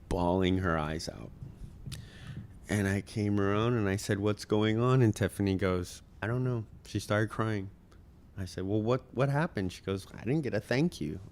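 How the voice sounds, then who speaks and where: A man in his thirties, a podcast guest, telling a heartfelt personal story in an earnest way with many ums and uhs. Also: fairly low pitch.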